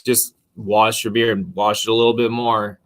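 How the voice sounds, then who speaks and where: A man co-hosting a casual livestream chat, relaxed and adding quick asides. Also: lowish voice. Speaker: livestream co-host.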